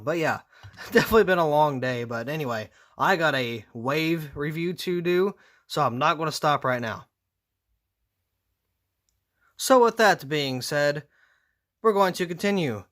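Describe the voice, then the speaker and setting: A man's voice: fairly high pitch, animated, measured pace, a bit bright. A man reviewing model cars in a casual, rambling way, tired with his voice going out, dropping sarcastic asides. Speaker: diecast reviewer.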